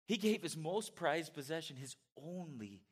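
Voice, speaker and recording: A middle-aged man preaching a sermon in a church, animated and conversational, with asides to his congregation. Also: fairly high pitch, moderate pace, husky. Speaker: pastor. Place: church sanctuary.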